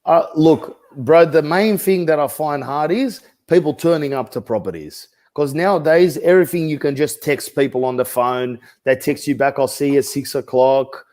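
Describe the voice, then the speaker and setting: A middle-aged man with an Australian accent, talking in a deadpan, rambling, mock-serious way as a comedic real estate agent in an interview. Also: a little high, moderate pace, hardly any pauses.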